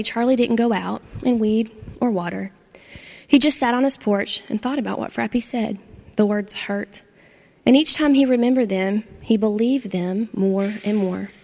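Gravelly woman reading a children's story. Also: medium pitch. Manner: expressive children's-story narration. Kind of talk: storybook read-aloud. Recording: long hall reverb.

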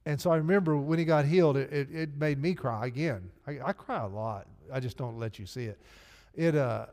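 A male pastor delivers a sermon with earnest, emotional sincerity. His voice sits at an everyday middle pitch. The recording carries the long, lingering reverb of a church sanctuary. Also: fairly quick, a little mellow. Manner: earnest, emotional storytelling preacher.

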